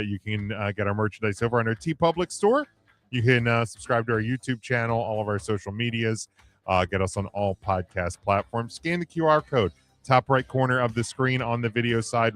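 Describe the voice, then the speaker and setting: Relaxed man hosting a podcast. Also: mid-range voice. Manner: relaxed, filler-heavy plugs. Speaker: podcast host. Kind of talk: casual podcast sign-off.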